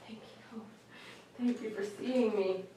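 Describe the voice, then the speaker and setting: A woman dog groomer on a live stream, talking softly and emotionally to a dog while she grooms it. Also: fairly high pitch, fairly even intonation, takes it slowly. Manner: soft, emotional, coaxing talk to a dog. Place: grooming room. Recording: roomy sound from a distance over faint noise.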